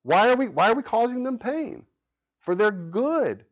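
A man's voice: very high-pitched, unhurried, highs cut off. A man in his thirties teaching an adult Sunday school class, earnest and conversational, tired from a sleepless night. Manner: earnest, conversational, animated when telling stories.

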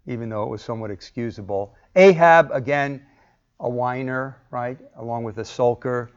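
A man's voice: medium pitch, normal speed. A man teaching a Bible class, asking the group questions and acting out the lines he quotes. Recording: muffled lo-fi recording.

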